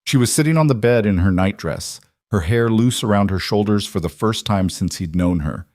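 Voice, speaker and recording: Low-voiced male story narrator. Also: lively intonation, normal speed, darkish tone, no echo, studio quality.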